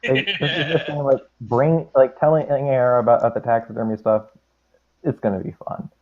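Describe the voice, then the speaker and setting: A man playing a tabletop game, excitable, often restarting his sentences. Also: medium pitch, fairly quick. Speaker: player. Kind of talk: casual tabletop play. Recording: phone-like thin audio.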